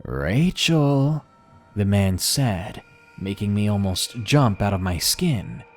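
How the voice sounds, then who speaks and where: A man reading submitted horror stories aloud in a measured, somber first-person narration. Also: lowish voice, soft background music.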